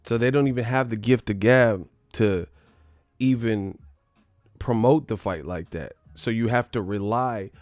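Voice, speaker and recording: A man's voice: on the low side, unhurried, darkish tone, no echo, clean studio sound. A man hosting a boxing show, ranting in casual live commentary, blunt and profane, rambling with laughs.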